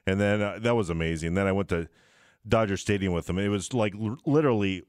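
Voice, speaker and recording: A man who works in sports radio, telling stories in casual chat, lively and giggly, stumbling over repeated words as he starts. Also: on the low side, fast, no room sound, clean studio sound.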